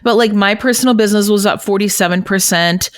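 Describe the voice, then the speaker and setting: A woman's voice: medium pitch, fast talker, dry recording, clean studio sound. Emotional swearing woman realtor co-host. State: tearful. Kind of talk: casual chat. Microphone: remote recording call.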